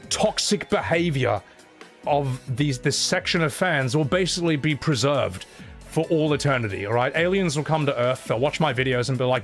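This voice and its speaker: A young man casually chatting to his live-stream audience, animated, often laughing and swearing. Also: medium pitch. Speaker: streamer and host.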